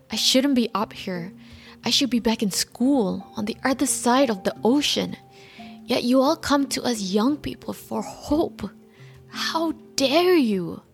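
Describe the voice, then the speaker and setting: A woman's voice: a little high, pitched above the performer's own voice. A woman doing an impression of a furious, trembling teenage girl activist giving an impassioned, scolding speech.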